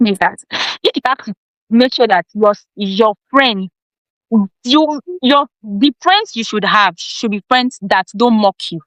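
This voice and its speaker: Female guest, health educator; earnest, advising, slight repetitions; somewhat high voice, dry close mic. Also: no echo, poor audio. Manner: earnest advice-giving, occasional sound repetitions. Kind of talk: interview answers.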